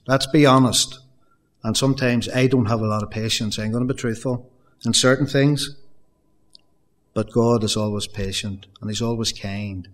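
Earnest man preaching a sermon. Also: medium pitch. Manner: earnest, repetitive preaching with rising emphasis. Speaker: pastor.

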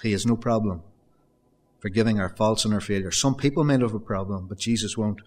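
A man's voice: fairly low pitch, brisk, a little mellow. A man preaching a sermon, earnest and building to emphatic raised peaks, often addressing his congregation as folks.

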